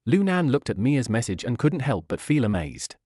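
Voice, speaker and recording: A man reading a web novel aloud as a narrator, at an even, steady pace with little change between characters. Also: mid-range voice, normal speed, no room sound, studio quality.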